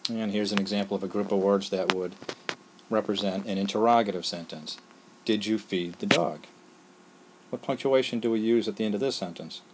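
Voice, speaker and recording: A man's voice: on the low side, a little fast, background noise. A man teaching a lesson on a screencast, explaining step by step with patience and often asking "all right?".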